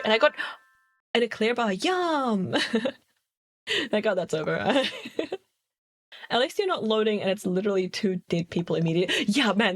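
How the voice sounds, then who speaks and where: A woman streamer chatting casually with her viewers, playful and giggling often between phrases. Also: a little high. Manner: playful, chatty, reads chat aloud.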